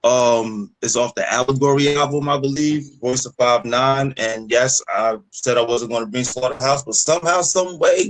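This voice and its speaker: A man co-hosting a music podcast in casual, profane, animated chat over a remote call. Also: mid-range voice, moderate pace, hardly any pauses, a little hiss or hum, rough recording. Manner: animated, profane, laughs a lot. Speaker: podcast co-host.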